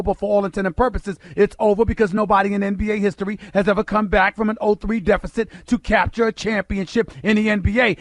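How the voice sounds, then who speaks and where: A man with a high voice hosts sports radio and holds forth in a punchy, rhetorical monologue, firing questions at the audience and pausing for effect. The studio sound is dry and close. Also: dry recording. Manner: emphatic, rhetorical, addresses listeners directly.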